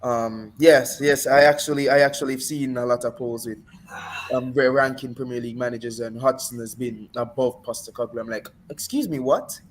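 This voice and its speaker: A man co-hosts a loose football chat, telling stories with animated, playful exaggeration. His voice sits at a middle pitch. A faint noise runs under the recording. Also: a little fast. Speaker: podcast co-host. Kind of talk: casual sports chat.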